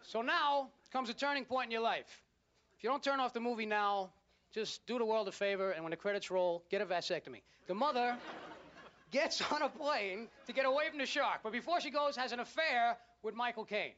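A male stand-up comedian ranting with loud, incredulous energy. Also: very high voice, expressive, a little fast. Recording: lo-fi live club recording with loud crowd. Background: audience laughter.

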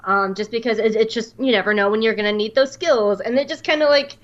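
A woman in her late twenties telling a story on a podcast in a casual, animated way, with lots of fillers and restarts. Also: fairly high pitch, fast talker, dull audio. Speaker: podcast co-host.

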